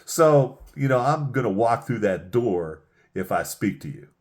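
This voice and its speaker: A man's voice: medium pitch, expressive, unhurried. A man giving a motivational sales lesson, emphatic and repeating key phrases for punch. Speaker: sales trainer.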